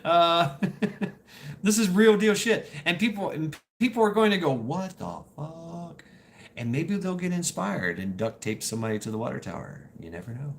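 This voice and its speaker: A man's voice: on the high side, lively intonation, moderate pace, gravelly, a little hiss or hum. A man hosting a livestream, telling stories to his chat in a loose, rambling way, laughing and swearing as he goes. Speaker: livestream host. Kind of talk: casual storytelling to live chat.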